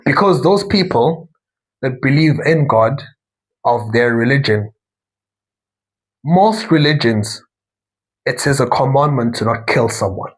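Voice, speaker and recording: A man's voice: mid-range voice, lively intonation, unhurried, long pauses, rough recording. A young man from South Africa hosting a talk show, talking casually in a rambling monologue full of asides and self-corrections.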